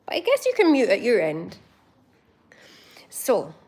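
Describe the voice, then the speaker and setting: Slow-talking, bubbly Scottish woman. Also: a little high, huge pitch swings, a little mellow, husky. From Scotland. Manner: bubbly, laughs often, chats to viewers by name. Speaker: livestream host. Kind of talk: casual live chat with viewers.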